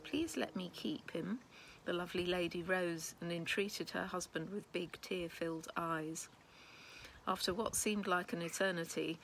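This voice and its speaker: A woman reading a children's storybook aloud with expressive first-person narration. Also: lowish voice, slight background noise, rough recording. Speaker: children's book reader.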